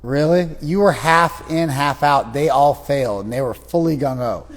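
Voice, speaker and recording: A man's voice: mid-range voice, normal speed. A man leading a class discussion, teasing his students and acting out the voices of people he describes. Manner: teasing, animated, acts out quoted voices. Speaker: spiritual teacher leading a class. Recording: room recording with long reverb.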